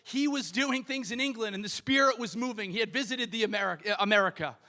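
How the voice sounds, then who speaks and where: A man preaching a sermon as pastor of a church, emphatic and building to shouted peaks. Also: sits high, fast. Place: church sanctuary.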